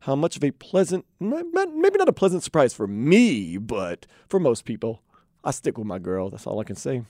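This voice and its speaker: A man's voice: medium pitch, wildly swooping pitch, normal speed, darkish tone, no echo. A man hosting a sports radio show in a studio, joking about himself between headlines. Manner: playful, self-mocking, jokey.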